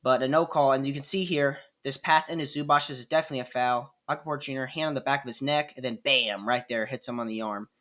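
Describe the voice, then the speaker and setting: A man's voice: mid-range voice, fast talker, hardly any pauses, fairly bright tone. Man casually breaking down game clips. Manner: chatty, repeats himself while replaying clips. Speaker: sports commentator.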